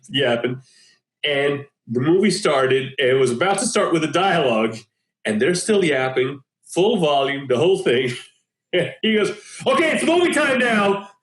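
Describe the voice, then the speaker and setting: A man co-hosting a podcast, telling an animated story in casual chat and laughing often. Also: a little high. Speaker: podcast co-host. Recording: roomy echo.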